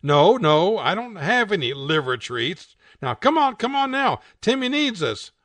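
A man voicing a frantic, high-pitched pet owner from a TV show, urgently pleading with the pet. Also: big pitch swings, unhurried, fairly bright tone, no room sound, heavily acted.

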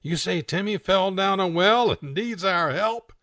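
A man voicing a frantic, high-pitched pet owner from a TV show, urgently pleading with the pet. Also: measured pace, bright, forceful tone, no room sound.

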